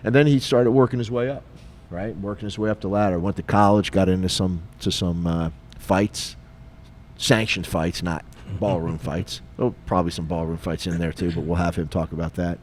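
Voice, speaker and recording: A middle-aged retired police officer co-hosting a podcast, telling a story in a lively, casual way and acting out the dialogue. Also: male voice, sits low, moderate pace, slight background noise. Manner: animated, acts out dialogue, frequent fillers.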